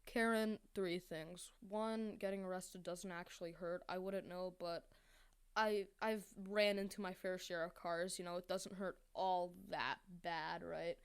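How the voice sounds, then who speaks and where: A woman's voice: on the low side, fairly even intonation, a little slow, clear, resonant tone. A woman hosting a reaction video, talking in a mocking, exasperated, rambling way. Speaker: commentary video host. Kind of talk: sarcastic reaction commentary.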